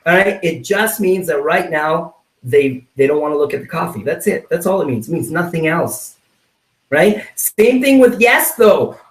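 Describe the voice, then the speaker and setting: A man's voice: fairly high pitch, normal speed. Guy doing a pumped-up sales training talk from his home office, bouncy voice that goes up and down a lot, kinda echoey and far from the mic. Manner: animated, acts out little scenes, keeps asking "right?". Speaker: network marketing trainer. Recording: roomy sound, mic at a distance.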